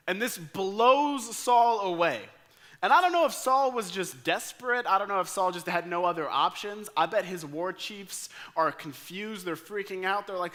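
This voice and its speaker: Bright-voiced animated young male pastor. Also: high-pitched, moderate pace. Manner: animated, acts out the characters' thoughts and lines. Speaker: staff pastor. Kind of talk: sermon storytelling.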